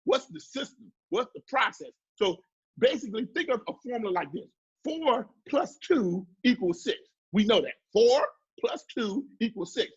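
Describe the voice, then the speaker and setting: A man's voice: expressive, moderate pace, breathy edge, muffled recording. A man giving a motivational business talk in a preachy call-and-response manner. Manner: preachy call-and-response, mimics others in high voice. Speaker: marketing speaker.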